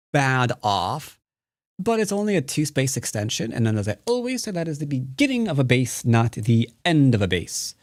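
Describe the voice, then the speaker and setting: Playful man giving lively game commentary. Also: mid-range voice, dry recording, studio quality. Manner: playful, jokey, breaks into silly sing-song nonsense. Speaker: Go teacher. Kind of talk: live-streamed game commentary.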